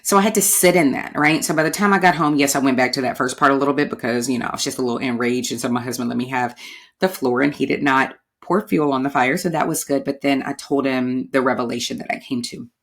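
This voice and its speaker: Woman host, low-pitched, talkative and animated, casual solo podcast delivery. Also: fast talker. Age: adult, married. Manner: expressive, chatty, laughs often.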